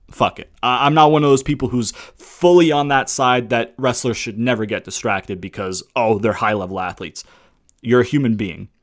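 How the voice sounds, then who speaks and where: A young man ranting about a show in a casual, heated review, swearing often and throwing in rhetorical questions. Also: medium pitch. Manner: profane, heated ranting with frequent "brother" and "right?". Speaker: wrestling reviewer.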